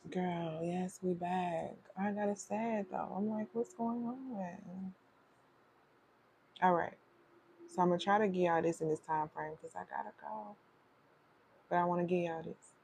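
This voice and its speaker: A woman's voice: on the low side, fairly even intonation, moderate pace, creaky, darkish tone, a little hiss or hum. A woman hosting a casual livestream as a leadership coach, chatty and welcoming, greeting viewers over and over as they join. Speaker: feminine leadership strategist, livestream host.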